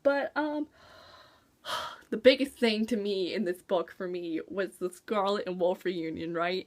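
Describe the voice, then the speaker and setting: A woman talking casually about a book she read, gushing and excitable, acting out her own reactions as she goes. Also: mid-range voice, unhurried. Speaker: book reviewer. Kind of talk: casual chat.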